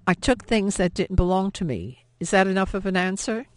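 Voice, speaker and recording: A woman's voice: medium pitch, expressive, fairly quick, dry recording, close to an everyday voice. A woman voicing a brusque young male ex-convict in an audiobook, curt and teasing. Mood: mocking. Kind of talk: audiobook character voice.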